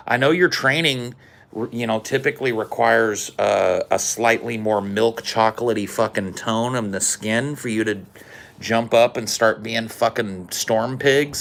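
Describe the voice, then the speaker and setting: A man on a podcast ranting angrily and sarcastically, swearing constantly and getting louder and more heated. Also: lowish voice, fairly even intonation, normal speed. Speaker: podcast co-host. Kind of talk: profane podcast rant.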